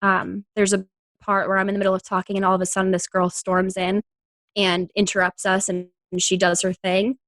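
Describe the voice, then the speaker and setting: A woman's voice: mid-range voice, fairly quick, dry recording. Actress guest, young woman from New York, laughs through her stories, dry recording. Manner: giggly, animated storyteller. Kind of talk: casual interview chat.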